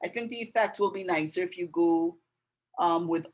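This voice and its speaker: A woman giving a casual drawing tutorial, gently narrating each step as she draws. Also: lowish voice, normal speed, rough recording. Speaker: art tutor. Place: indoors with passing road traffic.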